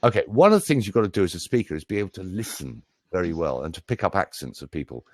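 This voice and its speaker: A man's voice: deep voice, sing-song, quick pace, darkish tone, no room sound, clean studio sound. A middle-aged British man, a voice coach, chatting in a jokey, show-off way. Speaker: voice coach and speaker. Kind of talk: casual live chat.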